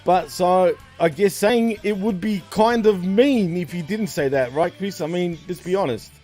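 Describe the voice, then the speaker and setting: An Australian man with a high, light voice hosts a loose, chatty talk show. He laughs easily, swears without thinking about it, and tosses in "man" and "bro" all the time. Faint music plays quietly behind him. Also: moderate pace. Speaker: co-host. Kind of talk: casual podcast chat.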